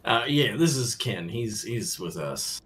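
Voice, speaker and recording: A man's voice: on the low side, very animated, unhurried, a bit bright. A man playing a tabletop game, speaking in a folksy drawl as his character. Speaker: player.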